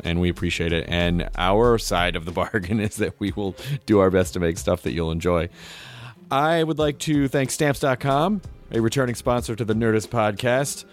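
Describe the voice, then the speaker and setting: A man hosting a podcast, reading ads and joking around in a playful manner. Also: lowish voice. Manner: playful, jokey, slips into a radio DJ voice. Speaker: podcast host. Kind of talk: casual podcast chat and ad reads.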